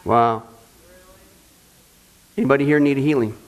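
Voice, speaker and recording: A man's voice: mid-range voice, fairly even intonation, moderate pace. A man teaching a Bible study, mocking what he describes with sarcastic jokes and laughs at his own lines. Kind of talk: mocking sermon commentary.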